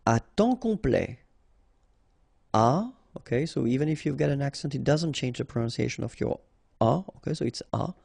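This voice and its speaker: A native French-speaking man with a French accent, a teacher running a pronunciation drill who slowly and patiently repeats and spells out each word. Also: medium pitch, lively intonation, gravelly, darkish tone, slightly rough, no room sound, clean studio sound. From France.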